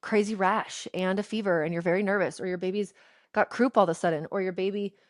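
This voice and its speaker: A woman in her thirties co-hosting a podcast, talking in an emphatic, opinionated, animated way. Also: medium pitch, fast, dry recording, studio quality. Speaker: podcast co-host. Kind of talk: casual chat.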